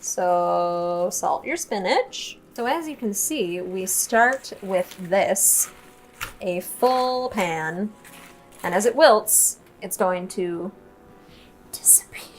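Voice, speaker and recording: A woman's voice: mid-range voice, animated, drawn-out words, faint music behind. A young woman hosting a home cooking tutorial in a kitchen, chatty, playful and self-mocking, laughing often at her own slips. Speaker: cooking show host.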